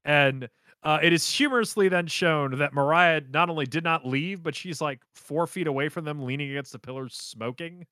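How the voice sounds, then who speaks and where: A man recaps a show in casual, rambling chat, full of fillers and asides. His voice sits a bit high and bright, and the recording is dry and close. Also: moderate pace, clear, resonant tone, no echo. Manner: rambling, animated storytelling with fillers.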